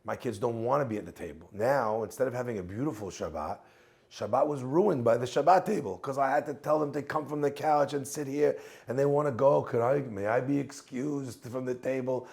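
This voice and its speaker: A man's voice: mid-range voice, fairly quick, vocal fry, a little mellow. A male rabbi, a guest in the conversation, telling reflective stories and weaving in Hebrew phrases. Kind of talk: casual conversation, reflective teaching.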